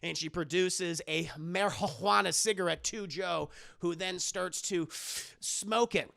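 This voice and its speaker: A man's voice: sits high, measured pace, creaky, pushed and bright, no room sound, clean studio sound. A man doing a casual, profane film recap on a livestream, chatting animatedly with his viewers. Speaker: streamer.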